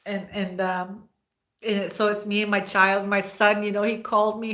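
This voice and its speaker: A woman's voice: mid-range voice, little pitch movement, normal speed, a bit bright. A woman hosting a casual livestream, rambling and emotional as she thanks viewers by name. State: near tears at times. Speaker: livestream host.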